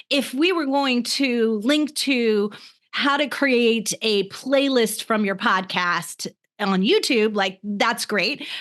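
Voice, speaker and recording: Higher-voiced woman cohost, chatty and upbeat, laughs a lot. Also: fairly bright tone. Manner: enthusiastic, laughs often. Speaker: podcast co-host. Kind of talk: casual chat.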